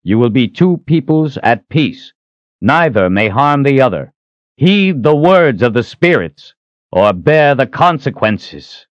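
A man voicing a defiant young male hero who wields magic, speaking forcefully and with measured threats. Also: mid-range voice, big pitch swings, no room sound, muffled recording, voice pushed up. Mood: commanding.

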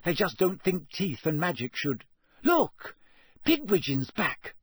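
A man voicing a bright, bossy schoolgirl in a storybook reading, with a husky voice and a quick, lightly scolding delivery. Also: on the high side, no echo, pitched above the performer's own voice. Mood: brisk.

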